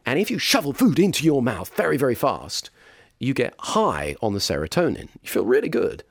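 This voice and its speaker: A man's voice: mid-range voice, very animated, fairly quick, creaky, no echo, clean studio sound. A man coaching on weight loss, talking in a direct, emphatic way. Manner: emphatic, direct, with mocking impressions of others. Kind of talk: motivational instruction to camera.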